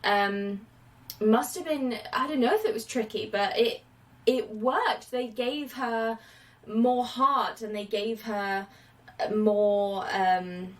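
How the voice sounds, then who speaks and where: A woman's voice: on the high side, takes it slowly, distant mic, low-quality recording. Casual woman podcast host, late twenties, chatty with filler words, a touch off-mic. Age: late 20s. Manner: chatty, animated, many fillers and quoted asides. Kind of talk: casual film podcast chat.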